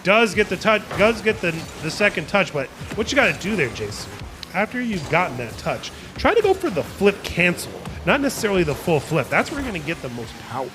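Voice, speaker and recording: A man's voice: high-pitched, sing-song, a little fast. A young man casting a live video game match with playful, jokey play-by-play over background music. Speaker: esports caster.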